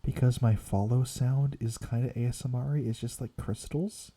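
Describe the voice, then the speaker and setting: A young man streaming as a VTuber, rambling softly in a quiet ASMR chat that slips into whispers. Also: mid-range voice, steady tone, normal speed. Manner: soft rambling, drifting between quiet voice and whisper.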